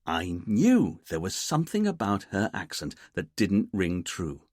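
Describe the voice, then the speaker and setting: Storybook figure: a pompous, fussy middle-aged detective inspector, read by a male narrator. He talks precisely and stiffly in a low, husky voice with lively pitch, recorded dry and close. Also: unhurried, no echo, heavily acted.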